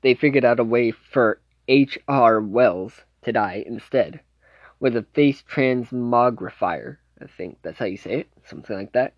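Slow, rambling man recapping a show. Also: medium pitch, dry recording, highs cut off. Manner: rambling, loose retelling full of "like" and self-corrections. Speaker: TV series reviewer. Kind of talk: casual unscripted plot recap.

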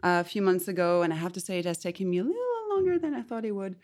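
A woman's voice: medium pitch, expressive, quick pace, darkish tone. A middle-aged woman hosting a podcast, chatting effusively with a guest in a meandering way. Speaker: podcast host. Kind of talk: casual interview chat. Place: indoor room, recorded in London.

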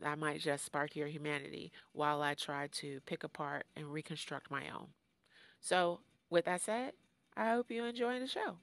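A woman's voice: low-pitched, moderate pace, dry recording. A middle-aged American woman hosting her own podcast, talking in a playful, self-mocking way and laughing at her own jokes. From United States. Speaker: podcast host. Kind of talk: casual solo podcast intro.

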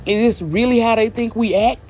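Speaking a little fast in a slightly mellow, mid-range voice, this Southern vlogger from the American South rants straight to camera with a Southern accent. The opinions come out blunt and emphatic, hammered home by repetition.

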